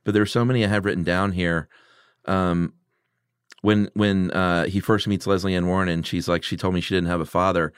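A man's voice: low voice, little pitch movement, fairly quick, clear, resonant tone, no echo, clean studio sound. A man co-hosting a casual film podcast, enthusiastically quoting favorite lines and swearing freely.

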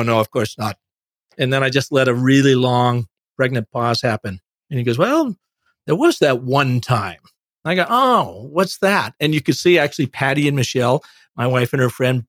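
A man, an author guest on an interview, telling a long anecdote in a lively conversational way. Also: medium pitch, no room sound, clean studio sound. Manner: animated anecdotal storyteller. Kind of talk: conversational storytelling.

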